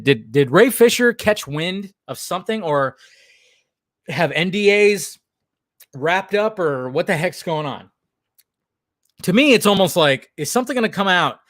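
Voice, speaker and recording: A man giving casual live commentary on film footage as an online host, animated and exclamatory, swearing freely as he talks. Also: medium pitch, no echo, studio quality.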